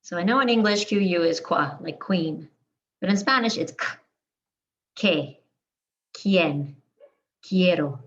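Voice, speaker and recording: A woman teaching a pronunciation lesson, modeling words one at a time in deliberate, careful lists. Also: medium pitch, lively intonation, a bit bright, lo-fi sound. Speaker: Spanish teacher.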